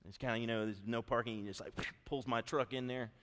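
A middle-aged man preaching a sermon in a church, telling an animated, folksy story before softening into an earnest appeal. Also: mid-range voice, quick pace. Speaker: pastor. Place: church sanctuary. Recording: long reverb of a church hall.

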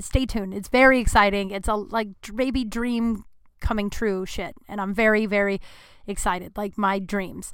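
Candid, smooth-voiced woman podcaster. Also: medium pitch, a bit bright, no room sound. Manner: rambling, candid, swears freely. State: ill, low energy. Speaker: podcast host. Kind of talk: candid solo podcast talk.

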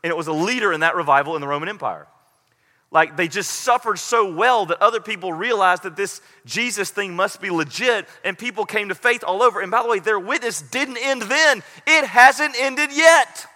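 Brief: middle-aged male pastor, high bright voice, earnest, echoing hall. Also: fairly quick. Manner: earnest, rising to pleading intensity. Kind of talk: sermon.

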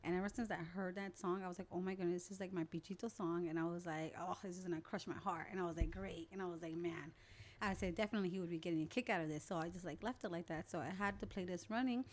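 A young woman, an older sister appearing as a guest on an interview show, chattily retells conversations and memories in a casual storytelling style. She talks fast in a fairly low voice with fairly even intonation.

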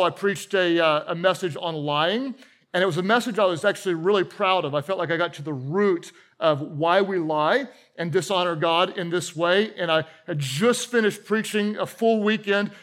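High-voiced man preaching a lively sermon. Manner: animated storytelling with audience asides and humor. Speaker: pastor. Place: church auditorium with a live congregation.

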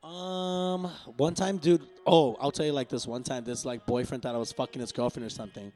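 A man's voice: medium pitch, fairly even intonation, a little fast, dark tone. A young man trades stories on a casual podcast, loose and full of slang and swearing. His voice sits in an ordinary middle range. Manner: slangy, swears a lot, laid-back storytelling. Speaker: podcast co-host and DJ.

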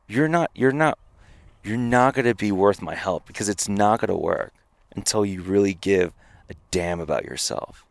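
A man voicing an impatient, mocking female jungle spirit who scolds bluntly, with his voice pushed noticeably higher than his usual. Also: moderate pace, creaky, no room sound. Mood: harsh.

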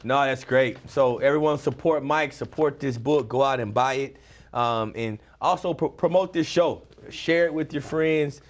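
A man's voice: mid-range voice, normal speed. A middle-aged man from Texas hosting a casual talk show, agreeing often and wrapping up with thanks and plugs. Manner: affirming, short agreeing replies. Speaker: host.

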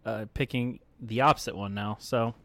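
A man's voice: fairly low pitch, steady tone, normal speed, a bit bright, dry recording. Wry laid-back man. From Texas. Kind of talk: casual podcast banter.

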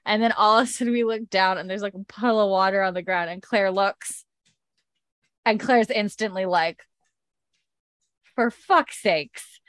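A woman's voice: mid-range voice, normal speed, pauses often, a bit bright, no room sound, studio quality. A woman chatting casually as she recaps a TV episode, animating the characters' lines and swearing freely. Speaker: show recapper.

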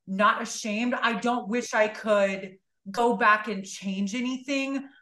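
Woman, podcast guest, blunt, swears a lot, bright tense voice, higher pitch, echoey room. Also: fairly even intonation, slow pace. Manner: blunt, profane, emphatic. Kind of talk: candid conversational interview.

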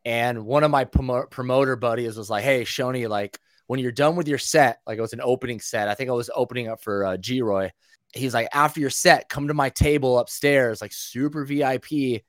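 A man telling stories as a guest in a casual chat, animated and full of swearing. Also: medium pitch, dry recording, clean studio sound. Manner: animated, profane storytelling.

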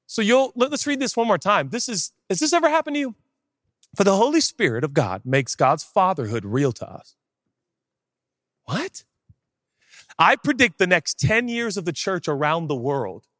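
A man preaching a sermon as pastor, animated and jokey, acting out little dialogues and breaking into sudden shouts. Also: on the high side, no echo, studio quality.

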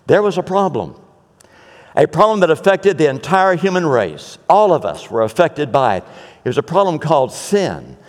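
A male pastor preaching a sermon, emphatic, with dramatic repetition and pauses. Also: on the high side, sing-song, big-room sound.

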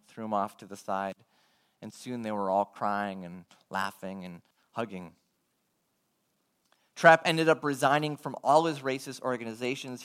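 A male preacher tells a story in an earnest, measured sermon. His voice sits at a middle male pitch, neither high nor low. He takes his time with each line and acts out the dialogue he quotes. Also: a bit bright.

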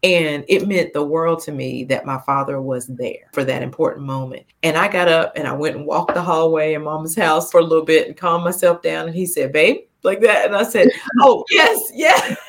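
A woman's voice: low-pitched, a little fast, few pauses. Heartfelt woman in her fifties. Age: 50s. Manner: heartfelt, animated, laughs while telling. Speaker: guest. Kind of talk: personal storytelling.

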